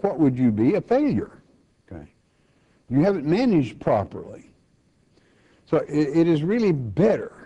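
Slow, plainspoken older man teaching Scripture. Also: mid-range voice, dark tone. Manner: homespun, plainspoken, slow and halting with restarts. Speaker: Bible teacher. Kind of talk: folksy Bible teaching. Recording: dull lo-fi recording.

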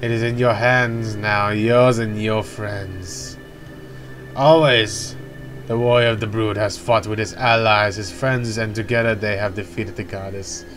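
A man's voice: lowish voice, steady tone, unhurried, fairly bright tone. A man voicing a solemn ancient male elder who speaks in a grave, formal, ceremonial way, while faint game music plays behind him.

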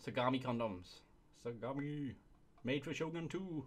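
A man's voice: mid-range voice, normal speed, fairly bright tone. A young man hosting a casual comedy video, reading reviews aloud and often breaking into laughter. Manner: giggly, keeps breaking into laughter. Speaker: video host.

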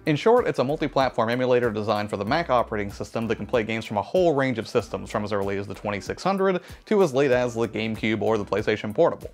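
A young man talks quickly in a low voice, hosting a tech video with a relaxed, chatty voice-over. He narrates a scripted overview and sometimes stops to correct himself. Faint music plays underneath.

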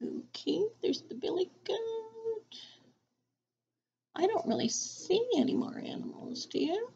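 Teacher, woman, high voice, slow playful read-aloud, muffled home recording. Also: very animated, creaky, mellow. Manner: playful, sing-song animal rhymes. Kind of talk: read-aloud lesson for children.

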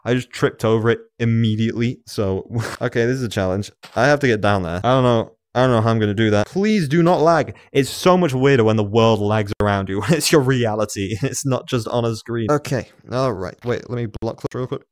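A man in his room at home, narrating his own gameplay as he plays. He talks to himself in quick bursts, laughs often, and jumps from muttering to excited yelps. There is a physical, on-the-move energy to his talk. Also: mid-range voice, no room sound, studio quality. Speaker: gamer. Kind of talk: let's play commentary.

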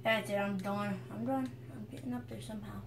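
A woman streamer giving excitable gameplay commentary, yelling at the enemies on screen. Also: mid-range voice, brisk, noisy background.

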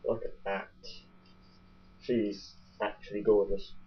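A man's voice: lowish voice, little pitch movement, takes it slowly. Jokey young man on a lo-fi webcam. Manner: chatty, jokey, rambling. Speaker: vlogger unboxing a toy boat. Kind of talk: casual unboxing commentary. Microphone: webcam mic. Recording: dull lo-fi webcam audio.

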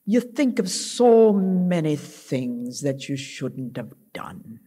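A woman voicing an elderly, gentle Scottish widow who speaks in a soft near-whisper. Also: low-pitched, very animated, takes it slowly, breathy edge, full character voice. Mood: tender. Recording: echoey church hall.

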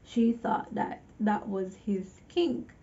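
A woman recaps a film in a loose, chatty way and keeps breaking off to vent at the viewer. Her voice is gravelly and mellow. The recording sounds a little dull and lo-fi. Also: mid-range voice, animated, takes it slowly. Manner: chatty, exasperated asides to the viewer. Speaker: movie reviewer. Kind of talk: casual movie recap.

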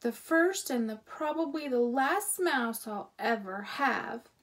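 A woman reading a storybook aloud plays a thoughtful, observant boy at a summer camp. He speaks plainly and matter-of-factly, slowly, with a lively rise and fall. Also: a little high.

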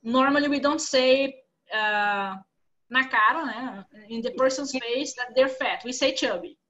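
A woman's voice: high voice, unhurried, fairly bright tone, highs cut off. A woman English teacher with a Brazilian Portuguese accent, patiently explaining vocabulary with examples in a live online class.

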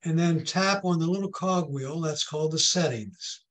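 A man's voice: fairly high pitch, moderate pace, a bit bright. A man teaching a hands-on technology class in a patient, folksy way, checking in often with the group. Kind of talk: hands-on tech lesson with a told joke.

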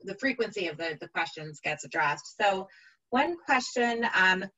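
A woman's voice: medium pitch, animated, normal speed, pushed and bright, poor audio. A woman moderating a panel, hesitant and full of ums as she reads out audience questions.

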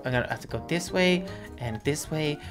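An excitable woman narrates her game out loud, her pitch leaping up and down as she exclaims. She laughs often and talks to her co-player, with faint music under her voice. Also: brisk. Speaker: let's play gamer. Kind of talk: excited gaming commentary.

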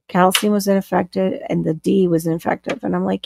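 A woman's voice: fairly low pitch, steady tone, brisk, vocal fry, background noise. A woman co-hosting a casual live stream, chatting, reading out viewer comments and laughing often.

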